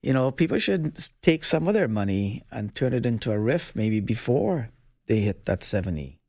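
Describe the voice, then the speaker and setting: A man's voice: medium pitch, big pitch swings, normal speed, vocal fry, darkish tone, dry recording, studio quality. A middle-aged man giving financial advice on call-in radio, casual and hedging, often ending with "right?". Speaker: financial advisor guest. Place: radio studio.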